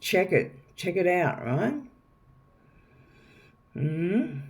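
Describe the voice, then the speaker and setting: Speaking very slowly in a high, sing-song voice, a man offers viewers a loose, wandering tarot reading. The tarot reader repeats himself a lot and keeps checking in with "okay?".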